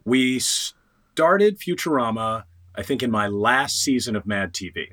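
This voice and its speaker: Bright-voiced animated male storyteller. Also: medium pitch, measured pace. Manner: animated storyteller, quotes others in lively voices. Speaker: voice actor guest. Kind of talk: casual interview storytelling.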